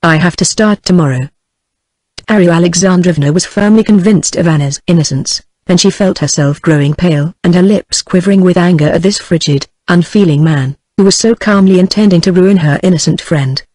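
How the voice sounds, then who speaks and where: A woman's voice: on the low side, a little fast, hardly any pauses, no room sound, poor audio. Synthetic British-accented female narrator voice. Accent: British English. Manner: even, steady machine-read delivery. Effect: text-to-speech voice. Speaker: audiobook narrator.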